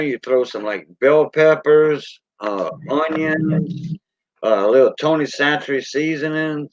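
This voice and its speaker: On a lo-fi stream, a folksy Cajun man with a mid-range, slightly mellow voice chats casually, rambling and greeting viewers by name. The recording is dull and dry with no echo.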